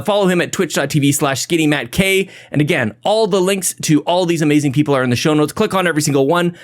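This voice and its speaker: Man, podcast host, casual rambling chat, excitable, slightly high voice. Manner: energetic, rambling, self-laughing. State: a little out of breath. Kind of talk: casual podcast intro and shout-outs.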